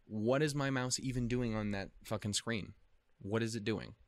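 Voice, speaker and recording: A man with a fairly low voice talks through an anime reaction in loose, rambling commentary. He swears constantly, apologizes and mocks himself when things go wrong. The sound is close and dry, with no room echo. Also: normal speed. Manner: profane, self-deprecating, easily flustered. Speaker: anime reaction video host.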